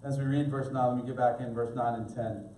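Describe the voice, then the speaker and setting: A man's voice: medium pitch, steady tone, brisk, dark tone, slight background noise. A middle-aged male pastor preaching an earnest sermon, speaking directly to his congregation. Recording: echoey room, mic at a distance.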